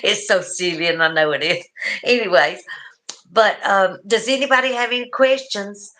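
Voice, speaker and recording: Southern woman, middle-aged, bright voice, chatty livestream host, laughs a lot. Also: mid-range voice, normal speed. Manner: chatty, reads viewer comments aloud, laughs often. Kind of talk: casual livestream chat.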